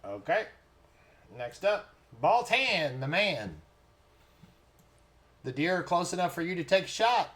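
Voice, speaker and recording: A man's voice: high voice, animated, normal speed. A man running a tabletop game as game master, teasing his players and laughing often.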